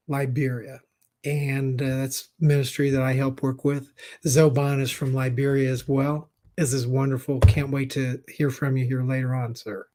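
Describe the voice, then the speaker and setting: A man's voice: fairly high pitch, darkish tone. A middle-aged man hosting a live-stream talk show, reading viewer comments and talking in an encouraging, folksy, reassuring way. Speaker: show host.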